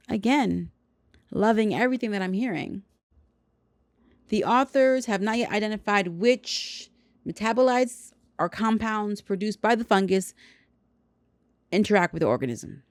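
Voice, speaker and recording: A woman's voice: medium pitch, a little mellow, no echo. A woman hosting a podcast, reading a science news story aloud and breaking off with dry, sarcastic asides. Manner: sarcastic, wry commentary. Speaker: podcast host.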